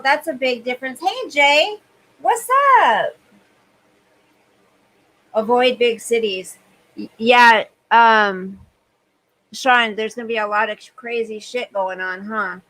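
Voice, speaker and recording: A woman's voice: fairly high pitch, a bit bright, rough recording. A woman hosting a casual live stream, overheated and sweaty, chatting as she reads viewer comments aloud and answers them. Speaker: livestream host.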